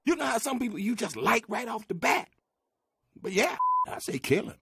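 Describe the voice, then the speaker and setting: An actor playing a laid-back cartoon street hustler who talks fast, with a husky voice. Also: male voice, very high-pitched, sing-song, bright, forceful tone, slight background noise, full character voice. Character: shady street hustler man, casual about violence.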